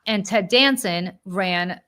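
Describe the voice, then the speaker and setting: A woman in her forties co-hosting a podcast, telling a story in a lively, casual way with many fillers and self-corrections. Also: mid-range voice, slow. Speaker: podcast co-host.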